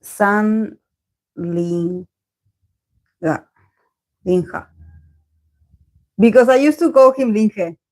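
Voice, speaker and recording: A woman reads tarot on a live stream, a native Spanish speaker whose casual talk wanders, packed with fillers, restarts and self-corrections. She sounds animated and a little mellow at a medium pitch, speaking slowly with frequent pauses, though the audio is poor.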